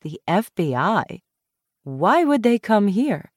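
A woman's voice: mid-range voice, big pitch swings, slow, no echo, studio quality, pitched above the performer's own voice. A woman voicing a guarded young woman who speaks in a clipped, urgent way. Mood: firm, concerned.

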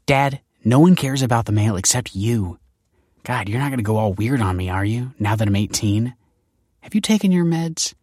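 A man's voice: mid-range voice, animated, normal speed, darkish tone, no echo, clean studio sound, lightly acted. A man voicing a sassy, impatient eighteen-year-old girl in a storybook reading, with snippy teenage retorts. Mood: exasperated.

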